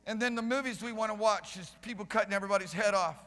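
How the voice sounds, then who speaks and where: Male pastor, fiery sermon delivery, bright high voice, long church reverb. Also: fast talker. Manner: impassioned preaching, builds to shouting. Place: church sanctuary.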